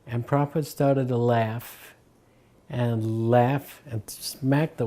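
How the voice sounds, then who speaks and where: An older devotee recalls memories through anecdotes, his mellow, dark voice at a medium pitch and unhurried. He acts out quoted voices and chuckles between the stories.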